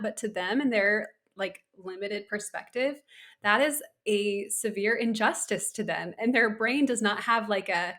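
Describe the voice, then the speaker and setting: Brief: woman, 30s, podcast co-host, candid casual chat, mid-pitched, full of "like"s. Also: unhurried, a bit bright. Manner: candid, conversational, many filler likes.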